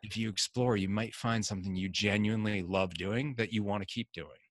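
A middle-aged man being interviewed, telling stories in a casual, animated way and acting out the voices of people he quotes. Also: on the low side, a little fast, no room sound. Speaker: guest.

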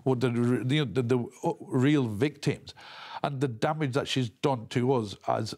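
Halting man in a news interview. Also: mid-range voice, a little mellow. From England. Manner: halting, repeats words and restarts often.

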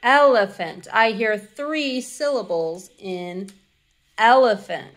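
High-voiced woman teaching early readers. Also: expressive, fairly bright tone, soft background music. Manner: clear, deliberate, sounds out words. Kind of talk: instructional demo.

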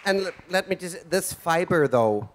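A man's voice: high-pitched, expressive, normal speed, a faint crowd, a little hiss or hum. A man in his forties hosting a live event as a drag queen, with flamboyant, theatrical camp banter on stage. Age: 40s. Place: event stage before an audience.

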